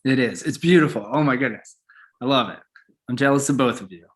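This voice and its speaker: Joking podcast host guy, medium voice, playful and loose. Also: mid-range voice. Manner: jokey, playful, quick to laugh. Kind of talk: casual chat.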